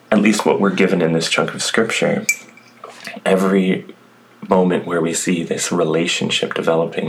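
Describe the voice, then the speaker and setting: A man with a very low voice preaches a sermon. He reads scripture aloud and then talks it over in an easy, conversational way. A faint hiss of noise sits behind him. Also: creaky, poor audio. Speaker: pastor.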